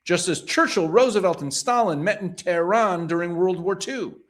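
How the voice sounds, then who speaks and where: A man works through a run of news items, reading each one aloud before restating it bluntly in his own words. His voice sits a little higher than most men's, and he presses his points with rhetorical questions. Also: normal speed. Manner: reads passages then paraphrases them pointedly, with rhetorical questions. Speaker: news commentator. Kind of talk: reading headlines aloud and commenting.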